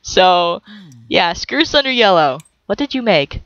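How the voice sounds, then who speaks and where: A young woman giving casual, excitable let's-play commentary, swearing at the game and laughing often. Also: mid-range voice, a little slow, no room sound, lo-fi sound.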